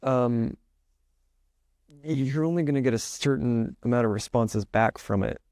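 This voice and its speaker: A man's voice: medium pitch, a little slow, darkish tone, no room sound, studio quality. A man speaking as a podcast guest in a casual, rambling way, filling his talk with "like" and acting out the thoughts he describes. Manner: rambling, heavy use of "like", acts out inner thoughts. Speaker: podcast guest, author and musician.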